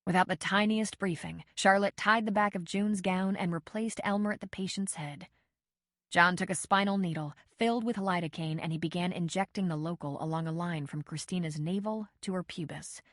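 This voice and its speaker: Low-voiced woman narrating a novel. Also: moderate pace, fairly bright tone, dry recording, clean studio sound. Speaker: audiobook narrator. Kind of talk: scripted narration.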